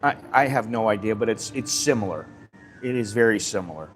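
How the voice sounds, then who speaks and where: A man's voice: fairly low pitch, animated, fairly quick, soft background music. An American man hosting a casual live stream, talking bluntly in a rambling way and swearing freely. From United States.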